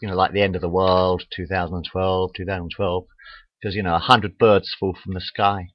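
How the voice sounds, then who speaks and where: A man's voice: sits low, little pitch movement, a little fast. A man telling crude jokes in a rambling, casual monologue into a webcam, full of "uh" fillers. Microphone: webcam mic. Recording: dull lo-fi webcam audio.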